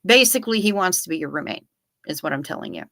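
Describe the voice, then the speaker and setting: A woman's voice: low voice, big pitch swings, quick pace, vocal fry, bright, forceful tone, no room sound, studio quality. A woman hosting a livestream, telling rambling stories with wry asides and answering her chat casually. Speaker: livestream host.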